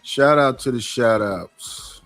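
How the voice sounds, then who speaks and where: A man on a livestream reading viewer names aloud in an unhurried, casual way. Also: mid-range voice, fairly bright tone, no echo, soft background music.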